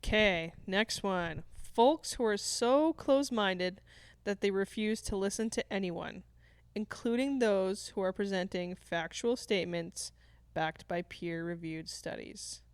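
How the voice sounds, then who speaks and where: A woman's voice: mid-range voice, a little slow, smooth, dry recording. A woman co-hosting a podcast in casual chat, talking in a loose, chatty way with lots of fillers. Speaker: podcast co-host.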